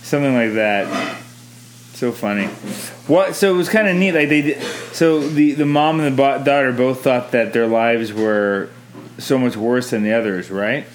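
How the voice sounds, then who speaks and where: A man hosting a casual family podcast at home, gently coaxing his kids with questions and often restarting his sentences. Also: mid-range voice, normal speed. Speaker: podcast host interviewing his children. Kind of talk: casual family chat about a movie. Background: faint cleaning noise.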